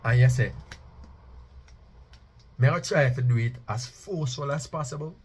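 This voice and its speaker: A man preaches in an emphatic monologue. His voice is husky and rough at the edges, and he sits at an ordinary middle pitch. He slows down to chant key phrases for effect. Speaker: Rastafari speaker.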